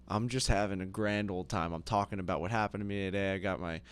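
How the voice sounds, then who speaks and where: A young man co-hosting a podcast, telling a story in an animated way, yelping and shouting as he goes. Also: sits low, fast, clean tone. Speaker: podcast co-host. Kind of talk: casual chat.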